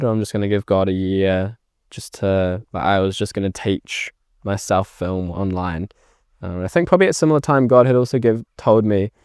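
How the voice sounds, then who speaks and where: In a casual podcast interview, a young New Zealand filmmaker tells his story and animatedly acts out past conversations. His voice is on the low side and smooth, with a dry recording and clean studio sound.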